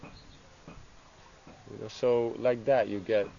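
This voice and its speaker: A man with a fairly low voice gives an informal class on scripture. He talks haltingly, stopping and restarting his phrases and often leaning on "you know". The recording is dull and lo-fi, with a faint hiss of ambient noise behind him. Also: little pitch movement, creaky, dark tone. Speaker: religious teacher.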